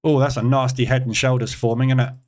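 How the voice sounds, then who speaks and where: An English man hosts a live trading session, chatting casually and answering questions from the chat between chart readings. His voice is middle-pitched with little pitch movement, a little mellow, and he talks quickly.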